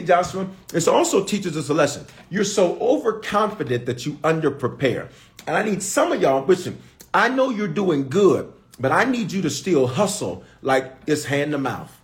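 A middle-aged man preaches, his voice sitting a little high and swinging widely in pitch. He teases and challenges his listeners, calling for responses between points. The delivery is animated and conversational from the pulpit. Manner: animated, call-and-response preaching with playful asides. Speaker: bishop, preacher. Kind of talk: sermon.

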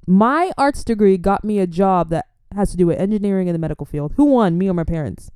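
A young woman from an immigrant family, talking in a chatty, animated way as she gives faith-based life advice and laughs often. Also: mid-range voice, fast, few pauses, clean tone, no echo, clean studio sound. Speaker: Christian vlogger. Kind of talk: casual advice talk.

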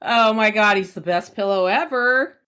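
A woman co-hosting a casual podcast, chiming in with quick reactions and laughter. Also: medium pitch, fairly bright tone. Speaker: podcast co-host. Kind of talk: casual book-recap chat.

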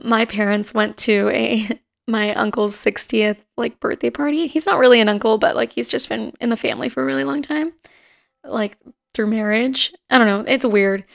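On her own podcast, a woman in her twenties talks at a normal speed in a gravelly, steady voice on the high side. Her casual chat wanders through stories full of fillers, broken up by the odd laugh.

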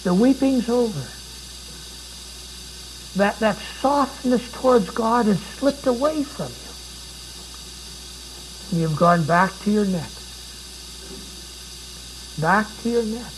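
A man's voice: high-pitched, lively intonation, slow, long pauses, slight background noise, low-quality recording. A man preaching a sermon, dramatic and pleading, with repeated rhetorical questions.

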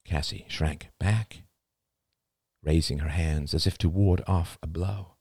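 A man reading a novel aloud as an audiobook, with expressive, dramatic storytelling. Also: sits low, slow, breathy edge, dry recording, studio quality. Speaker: audiobook narrator. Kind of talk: scripted audiobook narration.

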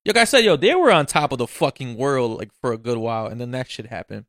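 A man hosting a casual chat, animated and profane, opening lines with "yo". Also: mid-range voice, fast, dry recording, clean studio sound. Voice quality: animated, swears a lot, starts lines with "yo".

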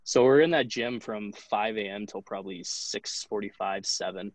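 Guest in his twenties, low-pitched man, dry sound, chatty profane storyteller. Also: normal speed, dry recording, low-quality recording. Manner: loose, profane, heavy use of "like". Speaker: podcast guest, hockey goalie. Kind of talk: casual storytelling.

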